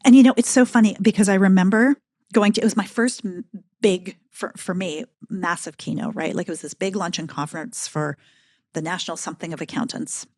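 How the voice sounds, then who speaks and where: A middle-aged woman talking as a podcast guest, telling a story with emphatic, animated energy. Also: fairly low pitch, brisk, dry recording, clean studio sound. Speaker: podcast guest, keynote speaker. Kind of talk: casual conversational interview.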